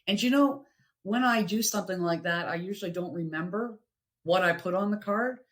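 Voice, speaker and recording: A middle-aged woman, a podcast guest, sharing personal stories in an earnest, reflective way, with pauses and restarts. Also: mid-range voice.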